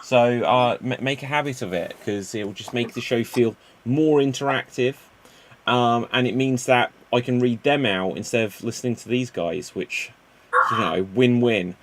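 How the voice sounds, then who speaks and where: A man hosting a live online improv show, brisk and jokey, with frequent fillers. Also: mid-range voice.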